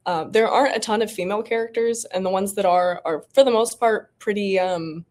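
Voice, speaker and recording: A woman's voice: medium pitch, brisk, darkish tone. A woman in her twenties, an actor guest on a podcast, chatting expressively and laughing often. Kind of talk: casual interview chat.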